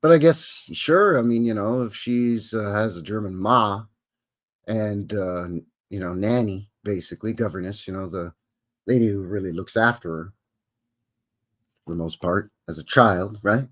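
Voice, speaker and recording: A man's voice: fairly low pitch, moderate pace. A man hosting a live stream, reading an article aloud and breaking off into casual, rambling asides full of fillers. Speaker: host. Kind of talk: reading aloud and commenting on a livestream.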